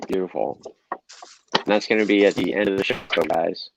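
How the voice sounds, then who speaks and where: Deep-voiced easygoing man co-hosting. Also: normal speed, vocal fry, noisy background. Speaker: co-host. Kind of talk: casual chat.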